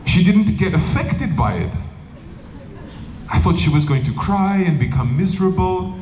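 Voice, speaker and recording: A monk giving a humorous spiritual talk, telling stories with lively delivery and acting out quoted voices. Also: male voice, high voice, normal speed. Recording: roomy hall with faint noise.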